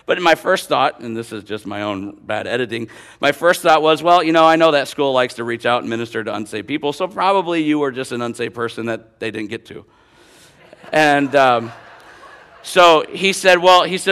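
A middle-aged pastor from Northern Illinois, preaching a sermon through a personal workplace story with preacherly emphasis. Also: male voice, medium pitch, lively intonation, brisk, fairly bright tone.

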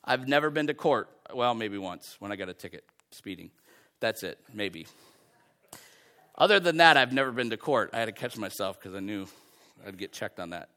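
A man's voice: on the low side, animated, normal speed, pushed and bright. A man preaching a sermon on a prophet's words, talking in a conversational way and slipping into quoted voices to make his point.

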